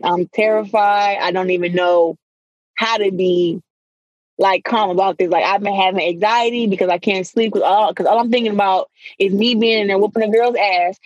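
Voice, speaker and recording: A young woman with a mid-pitched voice, speaking as an interview guest. She talks bluntly and with energy, and she uses casual slang. Her voice sounds close and dry. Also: no room sound, rough recording. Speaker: guest, professional boxer.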